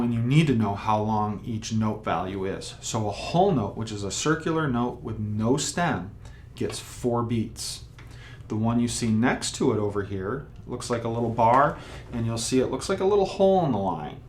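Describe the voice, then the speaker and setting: A man at an ordinary pitch, patiently walking a beginner through a trumpet lesson one step at a time. He sounds out beats and syllables to show the rhythm. A faint hum sits behind his voice. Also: lively intonation, moderate pace. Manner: patient, step-by-step explaining with spoken demonstrations. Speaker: trumpet teacher. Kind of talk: instructional video lesson.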